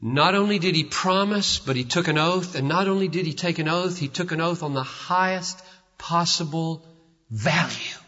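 A man preaching a sermon, swinging from hushed tones to shouts with an emphatic, repetitive cadence. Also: on the high side, normal speed. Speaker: pastor. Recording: reverberant hall, dull lo-fi sound.

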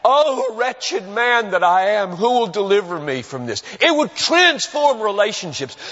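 Long pauses mark this earnest, emphatic sermon by a male pastor with a high, animated voice that rises and falls in swoops. The audio is muffled and dull, echoing with the long reverb of a church sanctuary.

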